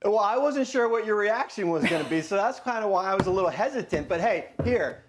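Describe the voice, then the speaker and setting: A man analysing basketball trades in a debate, measured and matter-of-fact. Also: sits high, lively intonation, background noise.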